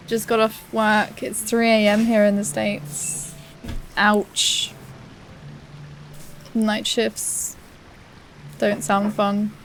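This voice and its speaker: A woman's voice: medium pitch, flat delivery, extremely slow, pauses often. A woman streaming a game, chatting casually and giggling with viewers. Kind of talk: casual chat.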